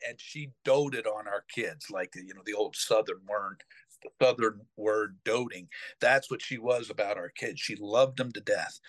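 A man's voice: medium pitch, dry recording. A middle-aged man hosting a podcast, telling a family story casually, rambling with fillers and restarts. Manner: rambling, full of fillers and restarts, animated retelling. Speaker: podcast host.

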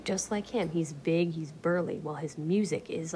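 A woman's voice: deep voice, moderate pace, few pauses, noisy background. A woman vlogging at home in a casual, rambling way, swearing freely, laughing often and drifting into whispers.

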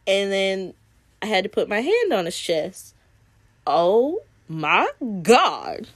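A woman's voice: medium pitch, slow, dry recording, studio quality. A woman co-hosting a podcast, chatting casually and telling stories with lots of giggling. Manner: giggly, animated storyteller. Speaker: podcast co-host. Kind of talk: casual chat.

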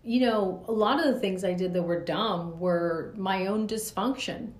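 A woman's voice: mid-range voice, a little slow. Earnest woman hosting a podcast, echoey room. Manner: earnest, talks in loose spoken asides. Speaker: podcast host. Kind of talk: reflective podcast monologue.

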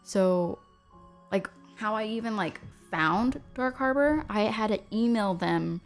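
A woman's voice: mid-range voice, animated, takes it slowly. A young woman in the middle of her range, chatting as a podcast guest. She laughs often and fills gaps with "um", over faint background music. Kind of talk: casual interview chat.

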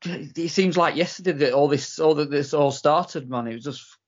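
A man's voice: a little high, normal speed. A British man co-hosting a podcast, easygoing and hesitant, often restarting his sentences. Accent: British English. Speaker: podcast co-host. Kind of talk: casual podcast banter. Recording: slightly dull-sounding podcast audio.

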